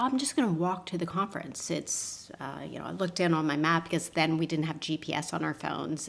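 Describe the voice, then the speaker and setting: Woman, lowish pitch, animated anecdote, podcast guest. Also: gravelly. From Canada. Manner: acts out quotes with lively voice shifts and laughs. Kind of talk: animated personal storytelling.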